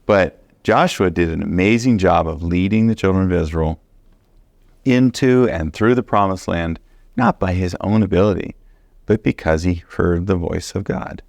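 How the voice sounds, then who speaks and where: A man teaching a Bible study sermon, earnest and animated, stressing points by repeating them. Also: sits low, normal speed, vocal fry, dry recording. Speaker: preacher.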